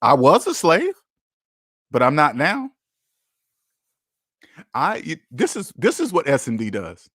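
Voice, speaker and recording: A man's voice: on the high side, wildly swooping pitch, takes it slowly, long pauses, a bit bright, slightly rough, no room sound, studio quality. A man hosting a casual livestream, talking bluntly and emphatically, with profanity and lots of repetition. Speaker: livestream host.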